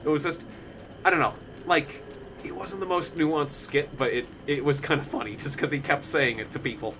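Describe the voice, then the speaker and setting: A man's voice: fairly high pitch, normal speed, background noise. A man chatting casually while streaming a game, rambling with lots of fillers and frequent laughter. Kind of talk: casual live-stream chat while gaming.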